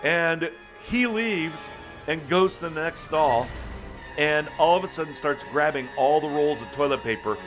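A man telling a funny personal story in a folksy, animated way, calling people man and buddy, with faint music behind him. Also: on the high side, unhurried. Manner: animated, bursts into loud excited retelling.

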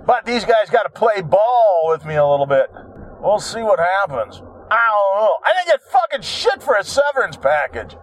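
An older man in his sixties talks through his own troubles with a high, animated voice that climbs and drops widely. He swears freely and mocks himself with a wry streak. The sound is dry and close. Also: normal speed, no echo. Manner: profane, wry, self-mocking storytelling. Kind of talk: rambling personal monologue.

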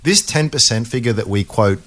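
An Australian man co-hosting a podcast, explaining share market ideas in a relaxed, conversational way with frequent restarts. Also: medium pitch, fairly quick. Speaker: podcast co-host, investing analyst. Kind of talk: casual finance podcast chat.

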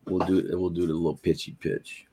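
A man talking as a guest on a podcast, animated and laughing, often repeating words as he restarts. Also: deep voice, a little fast, husky. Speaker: guest, comic creator. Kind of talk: casual podcast chat.

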